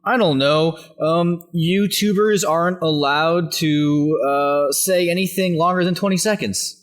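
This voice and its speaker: A man's voice: a little high, measured pace. A man appearing as a guest on a comedy podcast, hesitant and giggly in casual chat.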